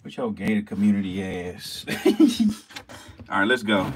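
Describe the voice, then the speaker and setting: A man's voice: lowish voice, fairly even intonation, measured pace, noisy background. A man casually talking to the camera while feeding snakes, cursing, joking and laughing at himself. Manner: profane, joking, laughs at his own jokes; talks to the snakes and mice as he works. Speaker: snake keeper vlogger. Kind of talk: casual vlog talk to camera. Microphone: handheld camera, set down at times.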